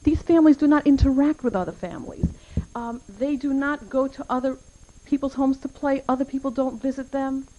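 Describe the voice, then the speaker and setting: A woman's voice: high-pitched, steady tone, a little fast, warm tone, highs cut off, a little hiss or hum. A middle-aged woman giving an earnest talk at a community event, telling personal stories and using Hebrew and Yiddish terms.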